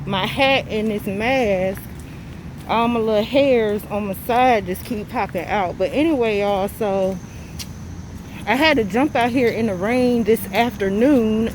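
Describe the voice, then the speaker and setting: A woman's voice: mid-range voice, noisy background. A woman in her forties chatting casually to viewers in a vlog, recorded outdoors in the rain. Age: 40s. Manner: chatty, sings along to a song. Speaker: vlogger.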